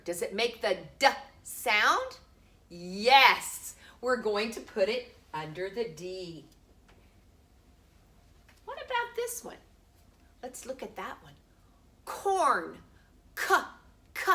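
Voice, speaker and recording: A middle-aged woman teaching a home preschool lesson, slowly sounding out letters for small children. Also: a little high, pushed and bright.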